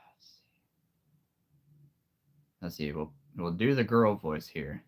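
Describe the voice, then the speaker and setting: A man in his late thirties chatting casually with viewers on a live stream, easygoing and quick to laugh. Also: sits low, expressive. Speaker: streamer and voice performer.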